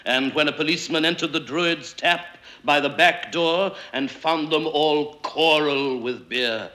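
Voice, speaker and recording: A man reading a story aloud in a rolling, sonorous, deliberate style. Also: fairly high pitch, bright, forceful tone. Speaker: narrator.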